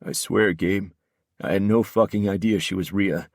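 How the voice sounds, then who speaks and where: A guilt-ridden young sniper speaks in a hushed, apologetic way, as a male narrator voices him. His voice sits low and deep. The recording is close and dry. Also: fairly even intonation, moderate pace, no room sound. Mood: pleading.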